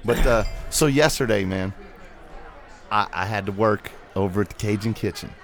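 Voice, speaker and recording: A man's voice: fairly low pitch, normal speed. A man hosting a podcast, telling rambling stories in casual chat. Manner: rambling storyteller, animated. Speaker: podcast host.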